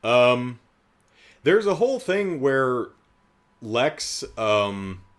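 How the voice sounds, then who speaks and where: A man's voice: mid-range voice, big pitch swings, extremely slow. A man giving a casual, comedic movie recap in a sarcastic, incredulous way, rambling with asides. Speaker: movie reviewer.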